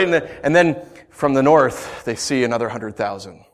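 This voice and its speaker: Animated male pastor preaching. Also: medium pitch, moderate pace. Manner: animated, acts out the scenes in voices. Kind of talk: sermon.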